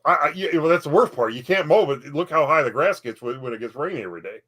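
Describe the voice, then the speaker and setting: A man's voice: on the high side, lively intonation, quick pace, fairly bright tone. A man co-hosting a casual chat, hesitant and wry, often restarting his sentences. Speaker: co-host.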